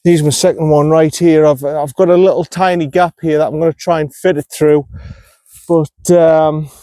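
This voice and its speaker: A man's voice: on the high side, steady tone, moderate pace, dark tone, no echo. A man, vlogging his golf round outdoors, talking himself through each shot and getting annoyed at his own play. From North East England. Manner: frustrated, self-critical, talks himself through shots. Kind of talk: on-course golf commentary.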